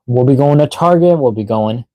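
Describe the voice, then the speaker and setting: A man's voice: medium pitch, animated, moderate pace, mellow, no room sound. A tired man hosting a toy unboxing live stream, rambling casually with lots of fillers and yawns. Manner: rambling, filler-heavy, reads chat aloud. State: tired, yawning, out of breath.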